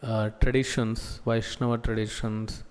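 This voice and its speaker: Slow, halting preacher in echoey hall. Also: male voice, mid-range voice, little pitch movement, clear, resonant tone. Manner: slow, halting delivery with many pauses and fillers. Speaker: preacher giving scripture class. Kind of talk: sermon. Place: temple hall.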